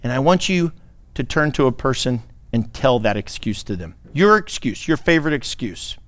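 A man's voice: mid-range voice, lively intonation, moderate pace, fairly bright tone, dry recording. A man preaching a sermon in a playful, sarcastic way, laughing often as he talks. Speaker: pastor.

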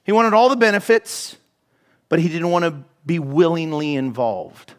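High-voiced guy preaching in church, storytelling, goes quiet and whispery sometimes. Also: moderate pace. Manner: animated storytelling, drops to soft whispers for emphasis. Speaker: pastor. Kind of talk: sermon. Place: church hall.

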